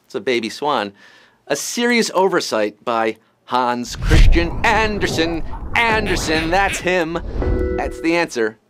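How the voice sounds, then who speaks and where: His voice a little high and animated, this trivia host takes his time while music plays in the background. He reels off live quiz questions full of puns and gags, his bouncy delivery punctuated by sudden silly voices.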